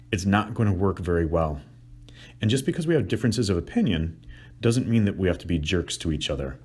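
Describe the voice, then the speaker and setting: A middle-aged man, a couples counselor, teaching with animated, acted-out emotional examples and sound effects. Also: sits low. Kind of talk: explanatory teaching talk.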